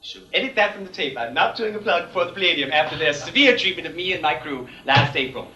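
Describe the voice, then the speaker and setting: A man's voice: fairly high pitch, lively intonation, quick pace, pushed and bright. A man playing a catty, grand drag lady host. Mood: campy. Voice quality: campy, mock-refined delivery. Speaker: comic host before a live audience. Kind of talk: live stand-up comedy. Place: large theatre stage with live audience. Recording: fuzzy 1980s VHS air check, roomy and distant.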